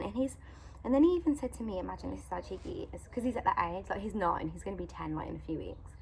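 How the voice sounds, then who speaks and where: A woman, a Christian vlogger and mother, telling a faith story in a casual, animated way and acting out the dialogue. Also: mid-range voice, racing, gravelly, slightly rough. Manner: animated, acts out quoted dialogue, frequent "like". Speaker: mother of a young son.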